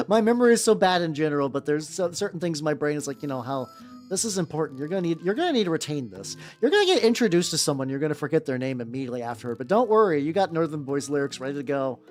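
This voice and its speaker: Casual streamer man, very lively pitch, rambling, swears, faint music behind. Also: racing. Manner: talks to chat while painting. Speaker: vtuber painting miniatures. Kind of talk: casual livestream chat. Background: faint background music.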